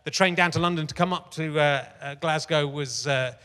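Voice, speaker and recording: A man's voice: a little high, moderate pace, fairly bright tone, smooth. A man hosting a live comedy talk show on a theatre stage, rambling and self-mocking with plenty of fillers and restarts. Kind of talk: stand-up style chat on stage. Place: large theatre stage before a live audience. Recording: long theatre reverb.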